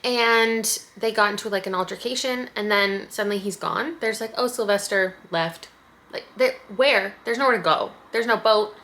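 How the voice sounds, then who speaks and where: Young woman book vlogger, bright tense voice, laughs a lot, chatty. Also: a little high. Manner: animated, laughs often, quick asides. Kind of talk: casual chat.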